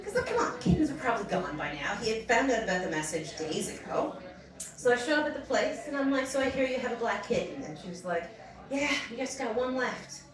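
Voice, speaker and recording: Animated woman telling a story onstage. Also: on the high side, fairly quick, crowd noise. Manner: animated, laughing, acts out quotes. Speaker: storyteller at comedy show. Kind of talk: storytelling on stage. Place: small comedy venue. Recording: roomy distant mic with audience. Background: audience laughing.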